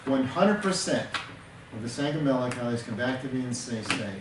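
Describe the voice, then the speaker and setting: A man's voice: medium pitch, animated, moderate pace. Earnest counselor man in an echoey room. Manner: earnest, repeats words for emphasis. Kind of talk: conversational teaching talk. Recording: roomy, distant mic with background noise.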